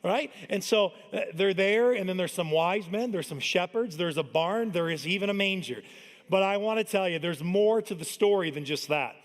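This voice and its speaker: A man's voice: high voice, moderate pace. A man in his thirties preaching a Christmas sermon as pastor, talking in a conversational way and telling family stories. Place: large church hall. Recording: long church-hall reverb.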